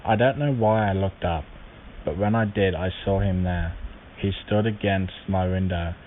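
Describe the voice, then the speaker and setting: Male horror-story reader, very low pitch, steady delivery, tinny lo-fi recording. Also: a little slow. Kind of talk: reading short horror stories aloud. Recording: tinny lo-fi mic with faint hiss.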